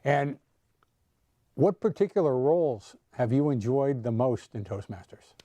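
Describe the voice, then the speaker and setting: A man's voice: medium pitch, expressive, unhurried, warm tone, no echo. A man hosting a speaking club meeting, introducing and interviewing speakers in an upbeat, encouraging way over a video call. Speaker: meeting host.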